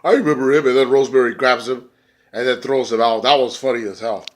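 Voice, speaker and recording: In a brisk, rambling review of a wrestling show, an excitable man swears freely and leans on fillers. When quoting people, he jumps into high, squeaky voices.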